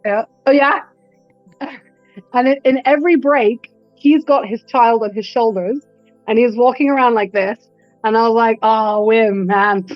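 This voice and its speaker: A woman breathwork instructor chats as an interview guest, telling animated stories and slipping into quoted voices. The recording is dull and lo-fi, with a dry, close sound and faint music behind her. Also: fairly high pitch, moderate pace, dry recording. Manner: animated storyteller who acts out quotes. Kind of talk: casual interview chat.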